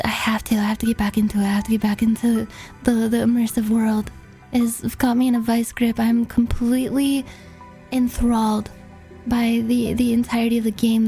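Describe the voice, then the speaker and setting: Gravelly, high-pitched woman streamer. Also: dark tone. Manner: rambling and laughing, heavy use of "like". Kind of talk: casual chat.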